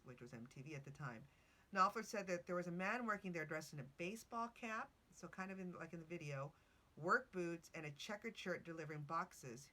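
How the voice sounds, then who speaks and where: A woman's voice: low voice, bright, forceful tone. A woman hosting a podcast, chatting casually through her notes with asides and self-corrections. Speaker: podcast host.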